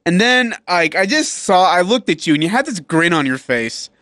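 A young man co-hosting a sports radio show, his voice sitting a bit high. He talks in loose banter, laughs often and acts out the people in his stories. The studio sound is close and dry. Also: sing-song, moderate pace, bright, forceful tone, no room sound. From Utah. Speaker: radio co-host. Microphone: studio microphone.

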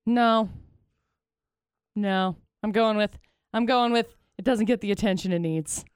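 A woman's voice: mid-range voice, a little slow, clean tone, dry recording, studio quality. A young woman with a bubbly, teasing way of talking, co-hosting a casual radio show. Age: young adult. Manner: bubbly, teasing, laughs often. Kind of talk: casual morning show banter.

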